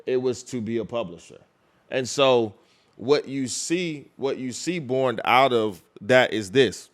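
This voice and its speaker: A man, a record label executive, talking in a casual interview, animated and restarting his phrases often. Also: mid-range voice, unhurried.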